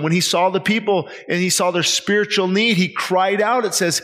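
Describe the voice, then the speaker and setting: Earnest pastor with a higher voice. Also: male voice, fairly even intonation, moderate pace, hardly any pauses, a bit bright. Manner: earnest, pleading, many rhetorical questions. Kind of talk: sermon. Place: church service.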